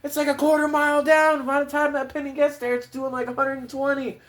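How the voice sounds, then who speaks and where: A man voicing an angry father yelling and swearing at his young son. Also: extremely high pitch, completely flat delivery, brisk, reverberant, voice pushed up.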